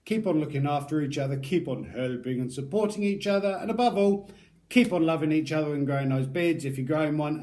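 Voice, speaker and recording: Casual male product reviewer, rambling and self-mocking, voice a touch higher than most men. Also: lively intonation, brisk, a little mellow. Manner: chatty, self-deprecating, rambling.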